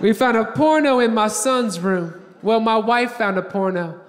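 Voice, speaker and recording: High-voiced brash stand-up comedian. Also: male voice, normal speed. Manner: brash, profane storytelling with acted-out quotes. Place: large theater stage before a live audience. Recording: live theater with long reverb. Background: audience laughter.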